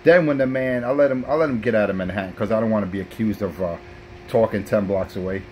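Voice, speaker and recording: A man's voice: lowish voice, quick pace, darkish tone, slight background noise, rough recording. A man, trash-talking rivals as a brash, profane CB radio operator. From South Bronx, New York.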